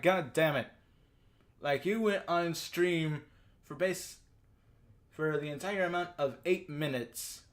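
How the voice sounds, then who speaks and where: Profane rambling man ranting. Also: a little high. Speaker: YouTube commentator. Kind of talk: ranting commentary.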